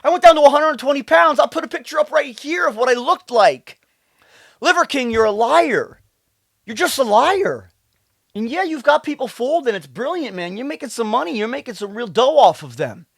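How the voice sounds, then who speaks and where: A man, a fitness coach, talking to camera in a swearing rant that swings from loud outbursts down to low muttering. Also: expressive, moderate pace, gravelly, no room sound, clean studio sound. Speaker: fitness coach and video creator. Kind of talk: profane ranting monologue to camera.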